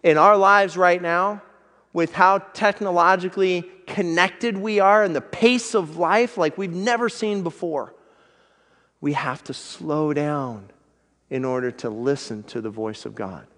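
A male pastor preaches in an earnest, conversational way, slowing down to press his points. His voice sits slightly high. It rings out in a church with a long reverb tail. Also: fairly even intonation, fairly bright tone. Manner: earnest, conversational, slows down for emphasis. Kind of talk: sermon.

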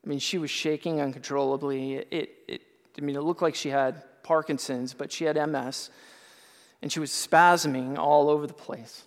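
A male pastor telling a personal testimony in a sermon, earnest and storytelling, rising at times to loud impassioned outbursts. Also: fairly high pitch, fairly even intonation, normal speed. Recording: long hall reverb.

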